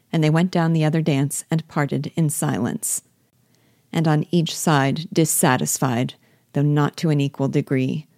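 A woman reading a classic novel aloud in a measured, even way. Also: sits low, no echo, clean studio sound. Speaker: book reader.

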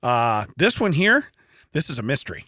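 Guy on a podcast going on w/ a funny story, bright lively voice, dry studio sound. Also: medium pitch, normal speed, no room sound. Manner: animated storytelling, acting out quotes and laughing often. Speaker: podcast co-host. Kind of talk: casual chat.

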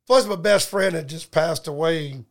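Speaking at a moderate pace in a voice on the high side, a middle-aged man co-hosts a podcast. He tells profane, jokey stories casually, playing both parts of the conversations.

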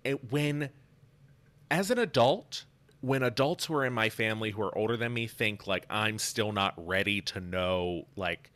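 A young man chatting casually about a film, animated and joking. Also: lowish voice, normal speed. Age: young adult. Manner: animated, joking, swears freely. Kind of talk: casual chat.

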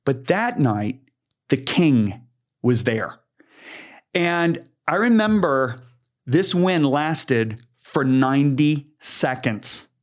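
An older man, a preacher, earnestly telling a story in conversation, animated and emphatic. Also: mid-range voice, extremely slow. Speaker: guest preacher.

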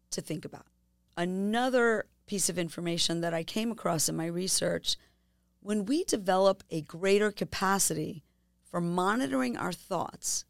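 A woman hosting a podcast, speaking gently and asking listeners reflective questions in a self-help talk. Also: on the low side, creaky, dry recording, clean studio sound. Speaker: podcast host.

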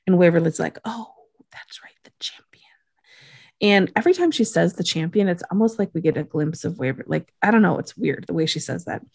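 A woman's voice: lowish voice, very animated, quick pace, gravelly, hardly any pauses, darkish tone, no echo, clean studio sound. A woman chatting casually as a podcast co-host, laid-back with jokey asides. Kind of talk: casual chat recapping a TV episode.

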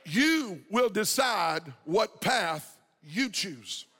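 Preacher man, really high gravelly voice, hollering and singing lines, big echoey church. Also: animated, drawn-out words. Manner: impassioned, shouting and half-singing phrases. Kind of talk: shouted revival sermon.

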